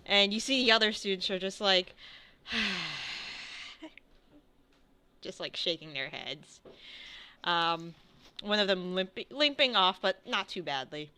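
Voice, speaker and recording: A woman's voice: medium pitch, animated, moderate pace, pushed and bright, clean tone. A young adult woman narrating a tabletop game as game master, hesitant and full of fillers. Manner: hesitant, many fillers and restarts.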